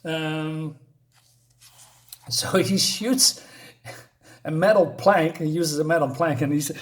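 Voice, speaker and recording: A man's voice: a little high, slow pace. A man giving a casual spoken comic book review, rambling and hesitant, with many fillers.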